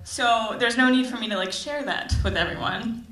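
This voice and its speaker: Bright, sarcastic young woman stand-up. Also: on the high side, normal speed, soft background music. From Tampa Bay, Florida. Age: young adult. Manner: chatty, sarcastic, full of "like" fillers. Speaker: stand-up comedian. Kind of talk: stand-up comedy. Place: comedy club stage. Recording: echoey comedy club room.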